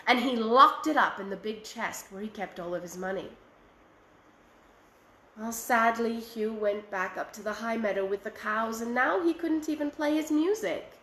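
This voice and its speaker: A woman storyteller with a high, bright voice tells a folk tale with lively expression. The sound is roomy and echoing. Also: normal speed. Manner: expressive, shifting voices for characters. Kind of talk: telling a folk tale aloud.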